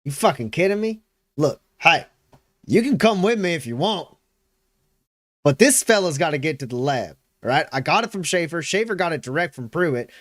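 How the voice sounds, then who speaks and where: A man voicing a gruff male soldier who blusters and swears while pushing his bluff. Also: a little high, animated, normal speed, no echo, studio quality, close to an everyday voice. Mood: blustering.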